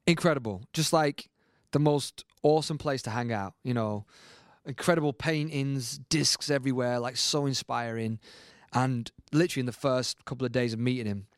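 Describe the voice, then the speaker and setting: A man, a guest musician, telling a story in a lively, casual way and acting out the quotes. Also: medium pitch, normal speed, smooth, dry recording, studio quality. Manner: animated storyteller, acts out quotes, many fillers.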